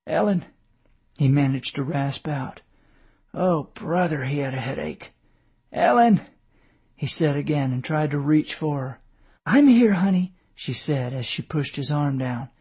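A man narrating a novel in a measured storytelling voice. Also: mid-range voice, fairly even intonation, darkish tone, breathy edge. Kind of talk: audiobook narration.

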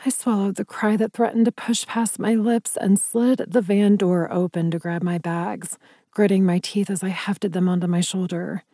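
Mellow woman narrating an audiobook. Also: mid-range voice, fairly even intonation, normal speed, no room sound, clean studio sound. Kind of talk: first-person fantasy narration.

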